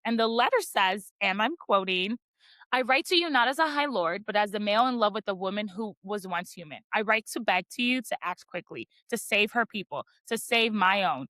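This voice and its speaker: A woman hosting a book podcast, retelling chapters in a casual, animated way and reading quotes aloud dramatically. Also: mid-range voice, normal speed, no room sound. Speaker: podcast host. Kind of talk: casual book-club recap.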